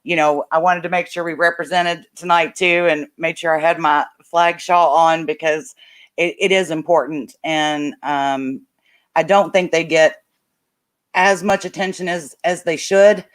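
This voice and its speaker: A woman hosting an interview, chatty and warm, with frequent ums. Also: low-pitched, steady tone, unhurried. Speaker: host. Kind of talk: casual interview chat.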